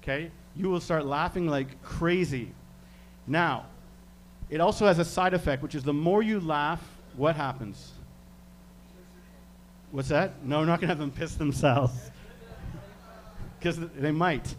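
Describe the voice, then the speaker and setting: A man with a slightly high voice leads a live hypnosis demonstration. He talks subjects under with slow, soothing suggestions and chuckles often between them. A faint hum sits under his voice. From Canada. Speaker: stage hypnotist guest.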